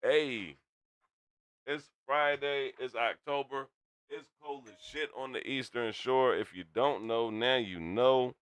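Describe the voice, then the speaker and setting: A man hosting a casual livestream, loud and hyped, swearing freely as he chats to viewers from a home streaming setup. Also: mid-range voice, takes it slowly, clean tone. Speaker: stream host.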